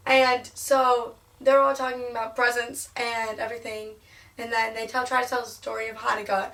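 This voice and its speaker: A young woman vlogging, retelling a sitcom episode in a bubbly, animated way, her voice sounding sick. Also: a little high, moderate pace, far from the mic. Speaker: vlogger and singer. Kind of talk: casual vlog storytelling.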